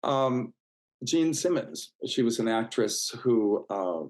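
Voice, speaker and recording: A man's voice: mid-range voice, animated, slow pace, rough recording. Chatty man telling old stories. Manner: warm, chatty, full of fillers and restarts, acts out quoted voices. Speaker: interview guest. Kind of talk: casual storytelling interview.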